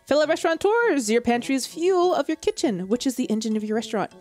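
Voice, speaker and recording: A woman's voice: sits high, expressive, quick pace, a little mellow, soft background music, voice pushed up. A woman doing a pompous lecturing chef. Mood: grandiose.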